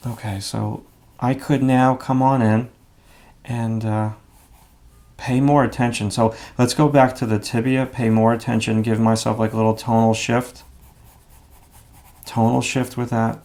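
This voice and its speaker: A man's voice: medium pitch, flat delivery, unhurried, a little mellow. A man giving a live drawing lesson, talking casually and thinking aloud as he sketches, with frequent fillers. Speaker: drawing instructor.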